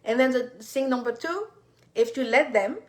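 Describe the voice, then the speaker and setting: A woman's voice: high voice, moderate pace. Woman coaching viewers live. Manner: warm encouraging, speaks to viewers directly, many fillers. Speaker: fertility coach. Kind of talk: live-stream teaching.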